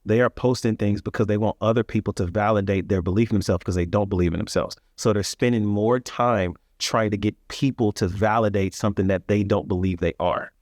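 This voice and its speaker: A man's voice: fairly low pitch, fairly even intonation, fairly quick, few pauses, darkish tone, dry recording, clean studio sound. A man telling his life story as a guest in an interview, earnest and reflective, with frequent restarts and emphatic rises.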